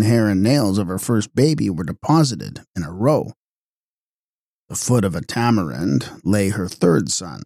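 A man giving a measured, expressive reading of a gothic audiobook. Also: lowish voice, dry recording, studio quality. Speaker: audiobook narrator. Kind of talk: scripted narration.

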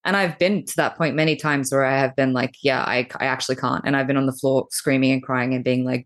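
A woman with a notably low voice talks as a podcast guest. She is blunt and emphatic, and she swears without hesitation. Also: fairly even intonation, brisk, few pauses. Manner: frank, emphatic, swears freely. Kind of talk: candid spiritual conversation.

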